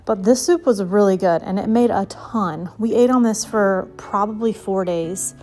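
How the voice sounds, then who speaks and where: A young woman with a mid-range, darkish voice talks at a moderate pace through a casual home cooking voice-over, with faint music behind her. A vlogger and mother of six, she's slightly out of breath and rambles with lots of fillers.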